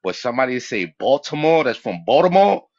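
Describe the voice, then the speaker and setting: A man's voice: mid-range voice, big pitch swings, brisk, a little mellow, highs cut off. Blunt New York man on a panel. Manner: slangy, blunt, asks pointed questions. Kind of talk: debate on a panel.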